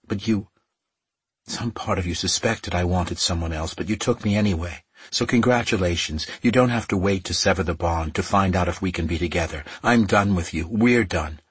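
A man's voice: low voice, normal speed, husky, dry recording. A man voicing a cold, defiant young woman. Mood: bitter.

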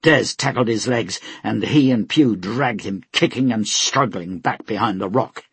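A man narrating an audiobook in a steady, measured storytelling voice. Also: on the low side, husky, no room sound. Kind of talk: scripted narration.

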